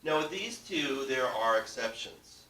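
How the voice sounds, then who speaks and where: A man's voice: medium pitch, animated, unhurried, bright, forceful tone. A man teaching a class, explaining step by step and often checking that students follow. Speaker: language teacher. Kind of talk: classroom lesson. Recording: roomy, distant, faint background noise.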